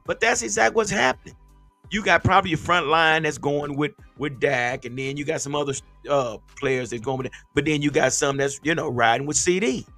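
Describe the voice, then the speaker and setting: A man's voice: a little high, a little fast, creaky, a bit bright, no echo, soft background music. A man hosting a casual sports podcast as a former player, ranting in a heated, emphatic, fired-up way.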